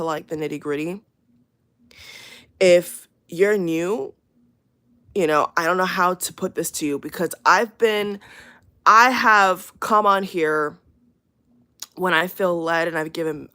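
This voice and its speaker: A woman with a fairly low voice talks straight to her viewers in an unscripted, rambling way. She circles back on her words and leans on fillers, but stays emphatic and earnest. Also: a bit bright. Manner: rambling, repeats herself, many fillers. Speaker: channel host. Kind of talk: casual spoken warning to viewers.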